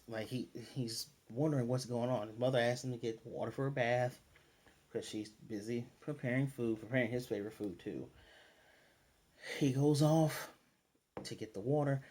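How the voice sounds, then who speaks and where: A man recaps and reviews an anime episode casually, retelling scenes with loosely paraphrased character lines. His mid-range, darkish voice is loose and filler-heavy, with restarts.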